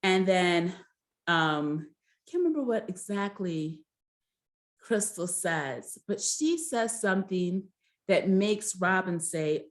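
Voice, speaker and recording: A woman's voice: fairly low pitch, lively intonation, takes it slowly. A woman casually recapping a reality show episode, rambling with many fillers and giving blunt, gossipy opinions.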